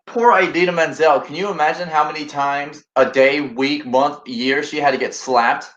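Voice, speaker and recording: Livestream host, mid pitch, relaxed and plain-spoken; echoey, dull lo-fi audio. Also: moderate pace. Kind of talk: casual livestream chat. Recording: roomy, dull lo-fi sound.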